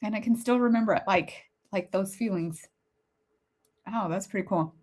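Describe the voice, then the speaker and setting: A woman's voice: medium pitch, moderate pace, a little mellow, husky. A woman in her forties telling a personal story as a podcast host, chatty and laughing, turning emotional and teary. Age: 40s.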